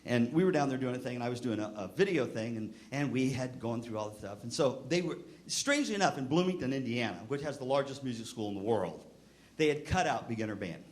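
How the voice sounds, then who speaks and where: An older man giving a humorous storytelling talk to band directors, acting out the people in his stories with big jumps in his voice. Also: fast. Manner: lively anecdotal delivery, acting out quoted voices with pitch jumps. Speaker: band music clinician speaking to band directors.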